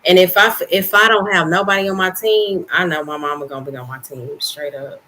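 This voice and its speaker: A young adult woman co-hosting a podcast, talking in an earnest, expressive way and often saying "like" and "you know". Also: lowish voice, a little fast, a little hiss or hum, low-quality recording. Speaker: podcast co-host. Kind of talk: casual chat. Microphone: studio microphone, podcast setup.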